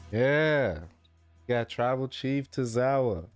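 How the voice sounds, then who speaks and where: A man streaming live, chatting casually with his viewers and reacting to a wrestling show, laid-back and chuckling. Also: mid-range voice.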